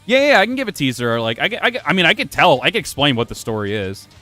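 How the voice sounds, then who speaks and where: Male gaming streamer, animated and rambling, self-deprecating and profane, faint music behind. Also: on the high side, quick pace. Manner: rambling, self-mocking, swears freely. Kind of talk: casual gameplay commentary. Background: faint music playing from his computer.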